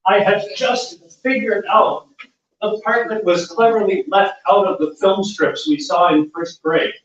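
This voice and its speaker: A man telling a personal story at a live story slam in a measured, dry way. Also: high-pitched, fairly even intonation. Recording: echoey, distant, dull live room recording.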